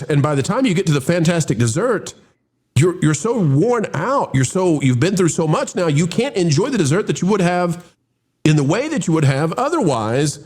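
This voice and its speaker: A man's voice: sits high, very animated, normal speed, a little mellow, breathy edge. A man hosting a casual movie review chat, opening with showman-style greetings and rambling with restarts. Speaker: host.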